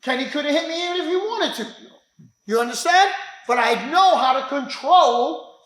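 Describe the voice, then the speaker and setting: A man with a notably high voice teaches self-defense with punch and emphasis. He talks in bursts, now and then raising his voice to a shout as he plays out a street scuffle. The room around him rings with a strong echo. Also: expressive, moderate pace. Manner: emphatic, acts out street confrontations, occasional shouts. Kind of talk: animated teaching demonstration. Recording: roomy echo.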